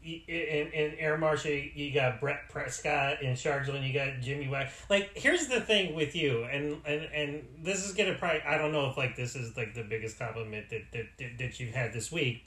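A man's voice: fairly high pitch, lively intonation, moderate pace, fairly bright tone, echoey room. A man hosting a podcast, talking casually and enthusiastically with lots of fillers. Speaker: podcast host. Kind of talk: casual chat.

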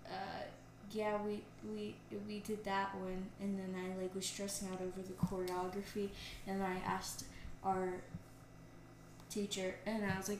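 A woman's voice: medium pitch, level tone, normal speed. Young female co-host, chatty rambling storyteller; echoey room, faint background hiss. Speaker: podcast co-host. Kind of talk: casual chat. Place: indoors, TV on nearby.

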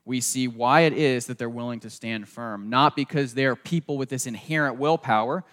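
Speaking at a normal pace with a medium-pitched, fairly bright voice, a pastor preaches in a big-room setting. His faint Southern accent marks him as from the southeastern US, and he earnestly repeats phrases while tagging each point with "okay?".

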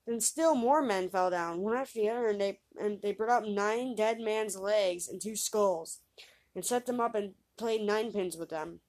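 A woman reading an old fairy tale aloud, lifting her pitch and volume for the characters' lines. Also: moderate pace. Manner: lively reader raising pitch and volume for quoted voices. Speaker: storyteller.

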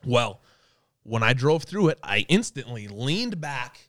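A man's voice: medium pitch, a little slow, dry recording, studio quality. A man telling his own snowmobile crash story in casual, profane chat, acting out what he said. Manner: animated, swearing, acts out his own words.

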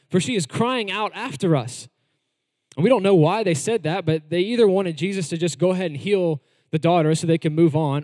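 A man preaching a sermon in a conversational style, leaning on words and slowing down for emphasis. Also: a little high, warm tone, no echo, long reverb tail. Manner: conversational preaching with varied emphasis and slow stresses. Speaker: pastor.

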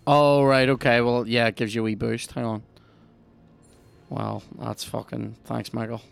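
A man with a Northern Irish accent, hosting a podcast and commenting on a video game in a sweary, excitable, jokey way. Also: mid-range voice, moderate pace, gravelly, soft background music. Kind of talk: casual gameplay commentary.

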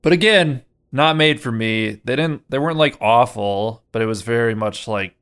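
A man with a smooth, clear voice chats casually on a podcast, rambling through his opinions. He leans on fillers and lets sentences drift off quietly. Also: mid-range voice, normal speed. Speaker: podcast co-host. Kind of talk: casual movie review chat.

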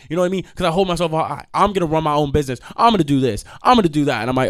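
A young man hosting a podcast, telling stories in a casual, profane rant with sudden loud outbursts. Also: fairly high pitch, rapid-fire, hardly any pauses, smooth. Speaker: podcast host.

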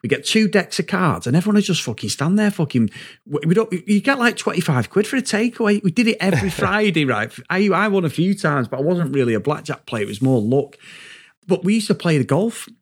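A man's voice: high-pitched, fairly quick, breathy edge. A man in casual podcast chat, telling work stories with lots of swearing. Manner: animated, swears a lot, laughs while telling stories. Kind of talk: casual chat reviewing a comedy series.

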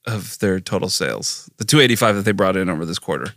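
An American man co-hosting a podcast in casual chat, blunt and quick to swear. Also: sits low, expressive, a bit bright, dry recording, clean studio sound. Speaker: podcast co-host.

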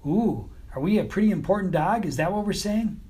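A man's voice: high-pitched, animated, a little fast, mellow, pitched above the performer's own voice. A man voicing a glamorous, flirtatious female beagle with a sultry, coy manner in an audiobook. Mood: teasing. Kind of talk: audiobook character voice.

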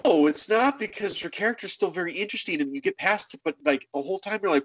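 A man in casual conversation about a video game, talking with animated energy and slipping into voices for characters. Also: a little high, quick pace, no room sound, poor audio. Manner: animated, acts out game dialogue in funny voices. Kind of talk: casual gaming chat.

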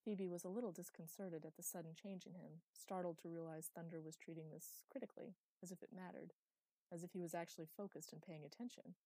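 A woman narrating a fantasy audiobook with a measured, expressive delivery. Her voice sits low and mellow, recorded dry and close. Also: dry recording.

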